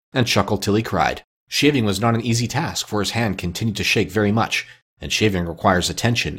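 A man narrating a classic story with a lively, expressive reading. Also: mid-range voice, husky.

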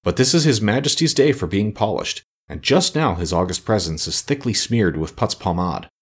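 Male narrator playing an old, bowing servant, husky and polite. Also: lowish voice, animated, normal speed. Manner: polite, deferential.

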